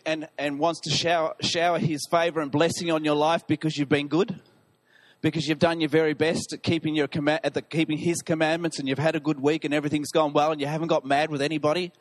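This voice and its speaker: High voiced aussie pastor, animated and self-deprecating, telling a funny story in a sermon. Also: male voice.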